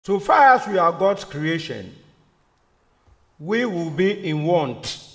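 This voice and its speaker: Preacher, male: high, very animated voice, delivering a slow, repetitive sermon with rhetorical questions, church reverb. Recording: long reverb of a church hall.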